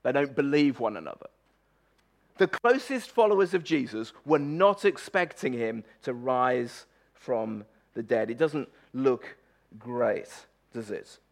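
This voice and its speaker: A man preaching a conversational sermon, emphatic and animated, often stumbling and repeating words as he goes. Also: mid-range voice, a little slow. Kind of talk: conversational sermon on a Bible passage.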